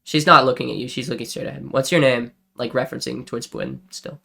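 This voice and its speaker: A man's voice: medium pitch, sing-song, fast talker, vocal fry, sharp tone, breathy edge. Casual man running a tabletop game. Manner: casual, describes scenes with fillers. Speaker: game master.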